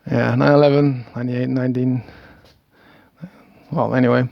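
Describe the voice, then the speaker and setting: At a moderate pace, a man with a mid-range, creaky voice speaks in a flat way. He's a Dutch-accented video maker in his thirties from the Netherlands, rambling through a self-recorded monologue, hesitant, stammering into restarts and chuckling a little. The audio is lo-fi, with no echo.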